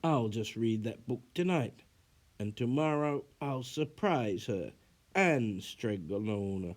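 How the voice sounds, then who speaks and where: A man's voice: mid-range voice, animated, takes it slowly. A man reading a storybook aloud, voicing a clumsy young man disguised as a girl, pleading and wailing. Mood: scheming.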